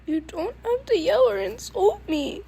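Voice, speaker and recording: A woman voicing a gentle, hurting teen boy who pleads softly in a fan audio story. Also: very high voice, lively intonation, measured pace, vocal fry, voice pushed up, exaggerated voice. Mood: pleading. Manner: pleading, soft.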